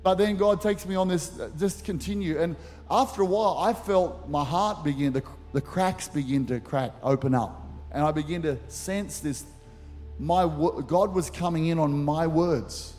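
This middle-aged pastor delivers a sermon in a church auditorium at a normal speed, with a somewhat high voice and a darkish tone. He tells stories with animation and acts out asides, and the recording has church hall reverb and faint music.

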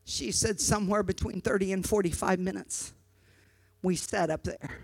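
A woman preacher telling a personal story in a sermon, impassioned, moving from hushed narration to shouting and often repeating words. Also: mid-range voice, normal speed, no room sound. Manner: repeats words when stirred.

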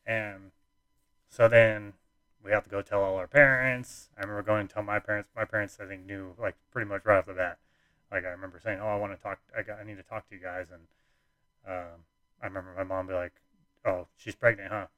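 A man's voice: on the low side, level tone, brisk, a bit bright, dry recording. A young man casually telling a personal story, rambling with lots of fillers and restarts.

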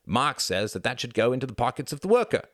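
A man's voice: medium pitch, sing-song, fast talker, dry recording, clean studio sound, voice pushed up, natural voice. A man voicing a condescending young male student who lectures confidently on Marxism. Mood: lecturing.

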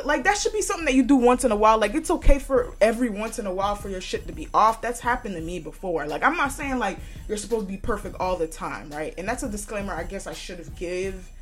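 A young woman hosting a casual solo podcast, talking bluntly with lots of swearing and frequent laughs. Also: medium pitch. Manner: blunt and profane, laughs often. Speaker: podcast host.

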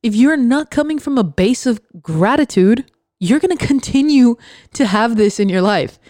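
A woman's voice: on the high side, animated, normal speed, warm tone, no room sound, clean studio sound. A young woman hosting a podcast, giving a blunt, profane motivational rant and mocking doubters. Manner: sarcastic, mocks others in put-on voices; profane and emphatic. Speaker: podcast host.

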